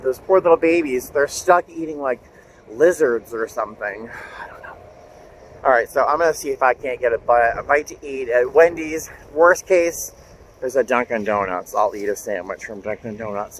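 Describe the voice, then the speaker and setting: A man's voice: mid-range voice, rough recording. Chatty man vlogging over street noise. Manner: chatty and animated, softens to a gentle coo with animals. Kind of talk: casual travel vlog. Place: outdoors on city streets, then airport and aircraft galley.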